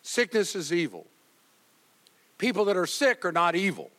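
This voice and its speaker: A male pastor preaching a sermon, moving between loud exhortation and quiet, heavy passages. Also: high-pitched, wildly swooping pitch, normal speed, in a large hall. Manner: swings from loud exhortation to hushed grief.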